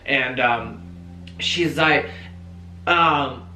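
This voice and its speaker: A young man telling a story-time vlog in a chatty, animated way, full of fillers and swearing. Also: medium pitch, extremely slow. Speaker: vlogger. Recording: roomy echo, faint music.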